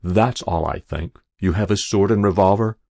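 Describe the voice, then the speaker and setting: A man voicing a composed army officer who speaks in a steady, solemn way. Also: deep voice, normal speed, vocal fry, no echo, clean studio sound. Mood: weary.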